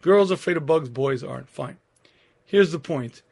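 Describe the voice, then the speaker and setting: Man, 50s, Torah lecturer, earnest storyteller, slightly high voice, frequent throat-clearing. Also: animated, normal speed, a little mellow.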